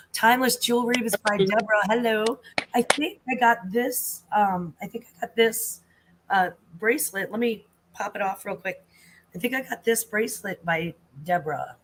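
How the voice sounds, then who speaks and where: A woman hosting a casual livestream chat, greeting viewers warmly, her voice worn and husky. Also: a little high, rough recording. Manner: chatty, greets viewers with air kisses. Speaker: host.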